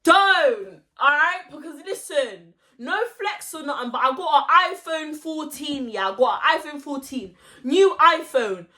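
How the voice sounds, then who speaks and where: A young woman, telling a story-time vlog in an animated, slangy way and acting out the voices of the people in it. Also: high-pitched, measured pace, hardly any pauses. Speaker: vlogger.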